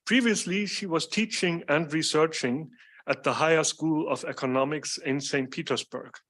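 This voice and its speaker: A man introducing a guest speaker at a lecture series in a measured, scripted manner. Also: fairly high pitch, a bit bright. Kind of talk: formal introduction. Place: lecture hall.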